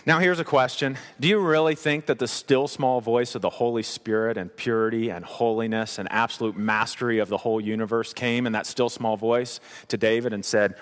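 A man preaching a sermon as pastor, animated and conversational with playful asides. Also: mid-range voice, brisk, hardly any pauses, long reverb tail.

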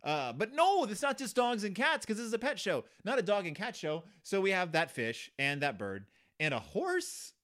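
A male podcast host with a fairly high voice that swings widely in pitch. He rambles through a comedic reading of a children's book, stacking fillers and false starts, and his tone is dryly sarcastic. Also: big pitch swings, moderate pace, hardly any pauses, fairly bright tone.

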